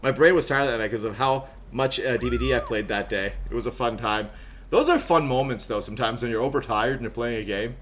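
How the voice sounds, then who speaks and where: A man streaming a horror game live, chatting with viewers and teammates, quick to laugh and yelp in surprise. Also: mid-range voice, a little hiss or hum. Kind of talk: live gameplay commentary.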